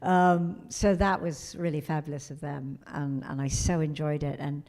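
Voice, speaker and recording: A middle-aged woman speaking on a convention panel, with a slightly low voice. She tells her stories with energy, acting out what others said. Her talk is warm and chatty. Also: moderate pace. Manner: animated storyteller who acts out quotes. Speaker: convention guest of honor.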